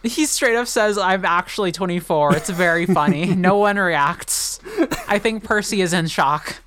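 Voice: medium pitch, measured pace, a bit bright, no room sound. A podcast co-host in casual chat, making dry, joking asides.

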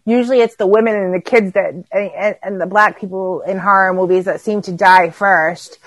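Chill podcast cohost tossing in movie thoughts, says like a lot, middle pitch, dry close sound. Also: fairly even intonation, moderate pace, a bit bright, no room sound, rough recording. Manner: laid-back, chiming in with filler words. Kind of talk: casual movie chat.

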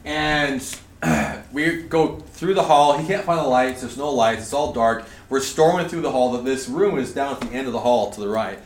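Animated man telling a story, echoey hall. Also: medium pitch, moderate pace, recorded from a distance. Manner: animated, laughing through his story. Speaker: conference speaker. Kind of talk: casual storytelling to a group. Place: large indoor hall at a retreat facility. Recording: echoey hall, faint room noise.

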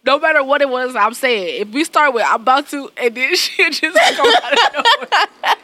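A woman in relaxed conversation with a bright, higher voice and a very lively, swooping delivery. She tells blunt, profane stories about raising her young son and laughs often as she acts out what people said. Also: moderate pace, dry recording. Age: adult, parent of a young son. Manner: animated storytelling, laughs often, acts out quotes. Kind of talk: casual chat.

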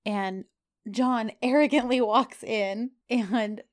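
A woman's voice: on the high side, takes it slowly. A woman in casual chat, retelling scenes from a TV series, giggling often as she talks. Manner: giggly, animated storyteller. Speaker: co-host recapping a TV series.

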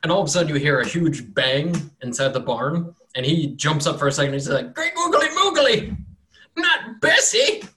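A man's voice: mid-range voice, quick pace, few pauses, fairly bright tone, a little hiss or hum. Rambling man running a tabletop game. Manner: rambling, loose, many fillers and self-corrections. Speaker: game master.

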